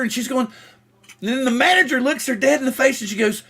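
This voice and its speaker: This livestream host has an extremely high, husky voice and talks at a quick pace. On his casual show he greets chatters by name and tells animated stories, performing the different voices himself.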